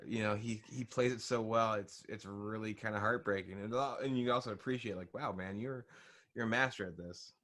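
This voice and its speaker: Jokey low-voiced man. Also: a little fast. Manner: animated, jokey, acts out quotes. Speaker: podcast co-host. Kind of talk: casual comic book discussion.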